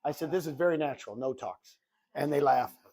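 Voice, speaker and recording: An older man in his sixties presenting to a room of real estate agents. He talks like a goofball, telling stories and acting out both sides of his conversations. His voice sits a little high. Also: brisk, slightly rough. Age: 60s. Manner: animated storytelling, acts out dialogue; jokey self-described goofball. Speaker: real estate recruiter and coach.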